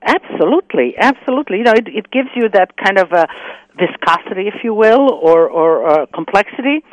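A woman's voice: medium pitch, lively intonation, no room sound, highs cut off. Woman chef giving advice, stops and starts, dry studio mic. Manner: thoughtful, halting, many fillers. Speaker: co-host chef. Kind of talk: radio call-in show.

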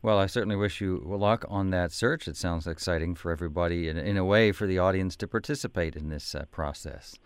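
A male radio host interviewing a guest in a relaxed, conversational way. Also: low voice, a little fast, few pauses, smooth, no room sound. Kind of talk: radio interview, asking questions.

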